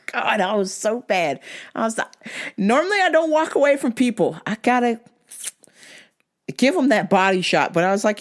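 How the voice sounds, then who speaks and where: A young adult woman hosting a vlog, telling a story in a blunt, profane, animated way. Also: fairly high pitch, normal speed, long pauses. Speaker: vlog host. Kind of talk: casual storytelling monologue.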